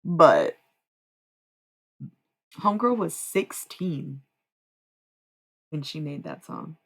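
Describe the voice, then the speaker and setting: A woman streaming live, chatting casually and profanely with her viewers, rambling between quiet musing and loud bursts. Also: low voice, lively intonation, slow, gravelly, husky. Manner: rambling, profane, talks to chat.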